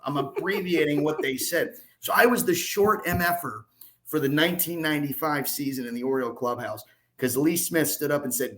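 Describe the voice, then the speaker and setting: Lively sports reporter telling stories. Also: male voice, a little high, fairly quick. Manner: animated, self-deprecating, rambling. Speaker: podcast guest, sports reporter. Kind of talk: casual storytelling.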